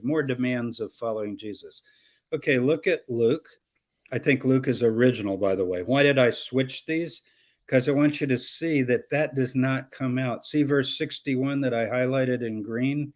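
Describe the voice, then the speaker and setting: Male professor, mid-pitched, lively explanatory lecturing. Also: moderate pace. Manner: animated, explanatory lecturing with quoted voices. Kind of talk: teaching interview on scripture.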